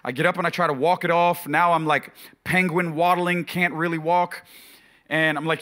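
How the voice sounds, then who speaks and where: A middle-aged man preaching, retelling a personal story in a conversational way, full of fillers, and dropping suddenly quiet for emphasis. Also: fairly high pitch, fairly even intonation, moderate pace. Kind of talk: storytelling sermon.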